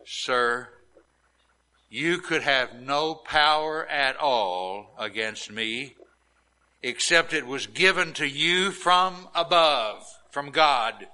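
A composed man on trial, as a preacher puts him on, gives his answer quietly and without hurry. The voice is lower and softer than the preacher's own, with every word measured. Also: expressive, full character voice, rough recording. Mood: calm.

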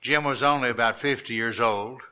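A middle-aged man, a pastor, preaching a sermon and telling stories in an earnest, deliberate cadence. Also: medium pitch, bright, forceful tone. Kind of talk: sermon storytelling.

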